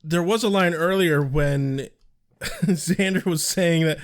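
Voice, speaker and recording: A man's voice: on the high side, slow. A man co-hosting a podcast in casual chat, explaining at length and swearing freely. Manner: profane, chatty, explains at length. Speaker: podcast co-host.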